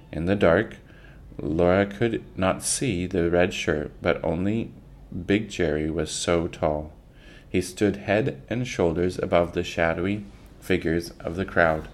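Deep, slow-reading man. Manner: unhurried reading with small slips and restarts. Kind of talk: reading a children's book aloud.

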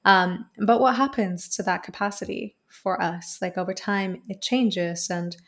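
An earnest woman talks at length as an interview guest, in a voice of middling pitch. She builds her points through repeated phrases and a steady, flowing delivery. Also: unhurried. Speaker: voice coach guest. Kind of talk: reflective interview answer.

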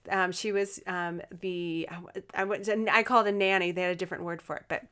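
A woman's voice: fairly low pitch, fairly even intonation, a little fast, fairly bright tone, clear, resonant tone. A woman giving a casual motivational talk, speaking earnestly and encouragingly to her listeners, with plenty of fillers and restarts. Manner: chatty with frequent fillers and restarts.

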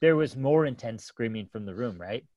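A man's voice: medium pitch, animated, normal speed, warm tone, no echo. A man in his thirties casually telling a story about his kids, rambling with lots of fillers and restarts and laughing often.

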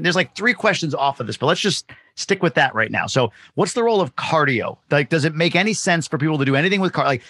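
A man's voice: mid-range voice, a bit bright, no room sound, studio quality. A man hosting an interview, asking rambling questions and stacking several at once. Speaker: podcast host.

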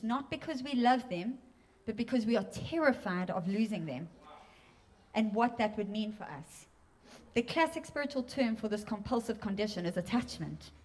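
Woman, preacher, church sermon, higher voice, earnest, emotional. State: tearful at times.

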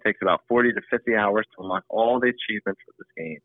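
A man with a lowish voice giving matter-of-fact details in a casual gaming chat. His audio is thin and phone-like, with a dry sound and no room echo. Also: fairly even intonation, quick pace. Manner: matter-of-fact, reads out stats.

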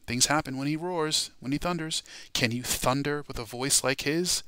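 A man teaching a Bible study class in a sermon style. He speaks emphatically, builds to loud proclamations and keeps checking in with "all right?" and "okay?". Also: mid-range voice, normal speed, clean tone, dry recording.

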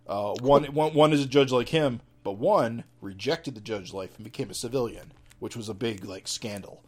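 A man's voice: mid-range voice, moderate pace, husky. A man co-hosting a podcast, explaining in a knowledgeable, casual way. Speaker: podcast co-host. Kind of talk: casual chat.

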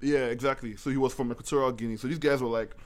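A man telling a long story on a casual podcast, animated, laughing often and full of slang. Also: medium pitch, rapid-fire. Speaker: podcast host.

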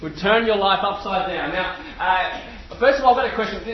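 An Australian man in his forties delivers a sermon in a fairly high voice. He tells stories with bursts of excitement and swings between hushed prayer and lively talk. The sound is echoey and a little dull, as if picked up in a big room. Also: moderate pace, distant mic, a little hiss or hum. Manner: excitable, animated storyteller. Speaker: preacher. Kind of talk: sermon with storytelling. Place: room with a live audience.

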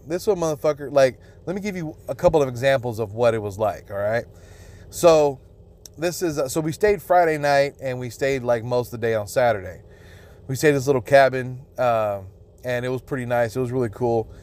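A man's voice: mid-range voice, a little mellow. A young man hosting his own podcast, ranting crudely and indignantly with constant swearing. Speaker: podcast host. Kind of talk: profane solo podcast rant.

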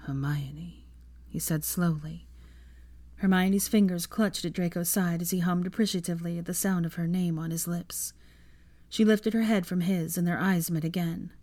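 A woman reading fan fiction aloud in a soft, intimate narrating voice. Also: on the low side, steady tone, moderate pace. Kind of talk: audiobook narration.

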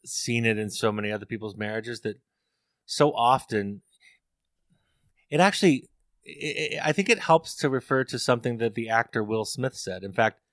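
A man's voice: mid-range voice, moderate pace, no room sound, studio quality. A middle-aged man, a therapist and author, talking earnestly and telling stories in an interview, often repeating words as he thinks. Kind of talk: reflective interview talk.

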